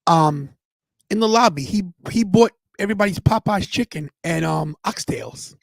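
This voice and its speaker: A man in his fifties chats on a podcast in a fairly high voice. He tells stories with animation and slips into the voices of the people he quotes. The sound is dry and close. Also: normal speed, gravelly, no room sound. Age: 50s. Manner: animated storyteller quoting others in their voices. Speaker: podcast co-host. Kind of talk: casual storytelling chat.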